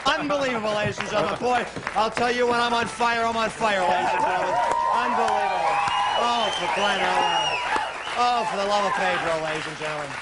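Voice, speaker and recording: A man with a strikingly high voice delivers corny club jokes as fast patter. Every punchline gets a shouted catchphrase, in cheesy old-school showman style. The live studio recording carries clear background noise. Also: over a noisy crowd. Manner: brash, shouted punchlines with a catchphrase after each joke. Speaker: stand-up comedian guest. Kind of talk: rapid-fire club comic routine. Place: TV studio stage before a live audience.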